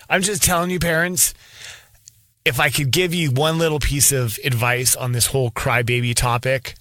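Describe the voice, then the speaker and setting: A man in a casual advice vlog talks straight to the camera in a blunt, self-deprecating way, often doubling back on his words. His voice sits in a middle pitch and is recorded close and dry, with no room sound. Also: a bit bright, no room sound. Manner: repeats words when starting a thought. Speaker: vlogger, parent.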